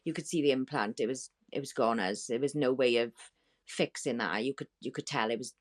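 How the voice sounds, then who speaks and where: A woman guest on a talk show, telling a painful story in a halting, distressed way with many restarts. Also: very deep voice. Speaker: podcast guest. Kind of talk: emotional storytelling.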